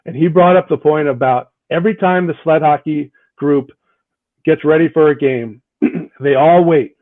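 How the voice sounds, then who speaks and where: This man's voice sits on the high side and moves at a moderate pace as he answers interview questions as a guest hockey coach. He speaks earnestly, ending points with "right? like", over a tinny, phone-like line with no room sound.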